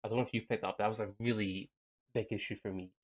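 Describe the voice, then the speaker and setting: A man's voice: fairly low pitch, steady tone, quick pace, darkish tone, husky. A man co-hosting a podcast, chatting in a rambling, hesitant way and laughing often. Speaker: podcast co-host. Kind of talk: casual film review chat. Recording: dull lo-fi sound.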